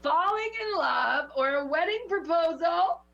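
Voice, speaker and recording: A woman working as a spiritual teacher who gives oracle card readings and coaching in a passionate, preachy, lively way. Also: extremely high pitch, measured pace, creaky, lo-fi sound. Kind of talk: intuitive coaching chat.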